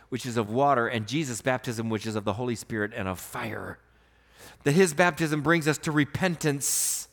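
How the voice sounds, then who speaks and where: Earnest preaching man, fairly high voice. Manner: earnest preaching, rising to emphatic bursts then dropping soft. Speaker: pastor. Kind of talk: sermon.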